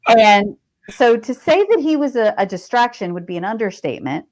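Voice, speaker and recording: A woman's voice: fairly high pitch, very animated, moderate pace, a little mellow, rough recording. A middle-aged woman, a veteran and author guesting on a podcast, telling personal stories in a chatty, digressive way. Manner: chatty and digressive, with frequent fillers and laughs. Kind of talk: casual conversational storytelling.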